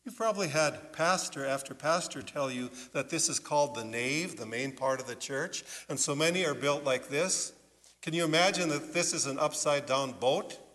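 A man preaching as a pastor in a church, telling a story in an animated way and putting questions to his listeners. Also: fairly high pitch, moderate pace. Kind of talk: children's sermon storytelling. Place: church sanctuary. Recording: long church reverb.

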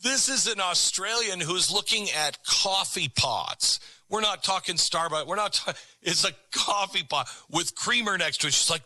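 A man's voice: high voice, expressive, normal speed, sharp tone, no echo. A man hosting a show, delivering an emphatic monologue and urging the audience. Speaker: host.

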